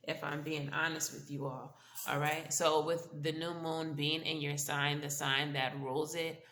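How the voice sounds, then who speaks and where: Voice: medium pitch, little pitch movement, measured pace, sharp tone. A tarot reader giving a casual spiritual reading to viewers with a stuffy, congested voice, often checking in with "okay?" and "all right?". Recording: echoey room with faint background noise.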